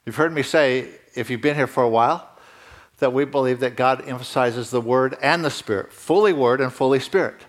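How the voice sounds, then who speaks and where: A man delivers a sermon in a church in a relaxed, talking-to-you manner. His voice sits in a middle register and climbs with emphasis when he drives a point home. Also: medium pitch, moderate pace. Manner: conversational preaching, rising emphatically at key points. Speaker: pastor.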